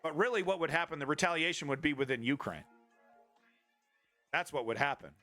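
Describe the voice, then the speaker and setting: A man's voice: on the high side, lively intonation, a little fast, bright, forceful tone, soft background music. A man ranting about politics on a live stream, profane and flippant, often restarting his sentences. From Canada.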